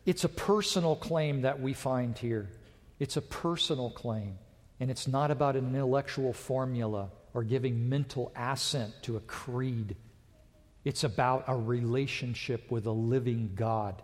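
A man preaching a sermon to a congregation, dramatic, rising loud and dropping to a hush. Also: mid-range voice, moderate pace. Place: church with a balcony. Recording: long reverb of a large church.

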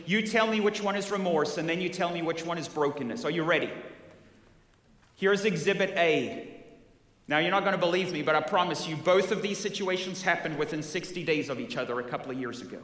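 A man's voice: sits high, brisk, fairly bright tone. Male preacher in an echoey hall. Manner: direct, questioning the congregation, vivid storytelling. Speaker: pastor. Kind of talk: sermon. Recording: echoey hall with long reverb.

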